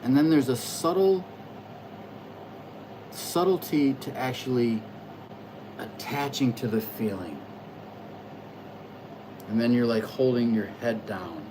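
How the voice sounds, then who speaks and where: A man hosting a casual livestream, rambling and reflective, stammering through restarts as he talks loudly and excitedly to his viewers in chat. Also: mid-range voice, slow, long pauses, background noise. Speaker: livestream host reading astrology charts.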